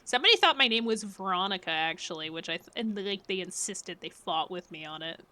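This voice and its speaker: A woman streamer chatting casually with her live chat, playful and giggly, often laughing and sometimes dropping into quiet mumbled asides. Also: on the low side, lively intonation, fairly quick.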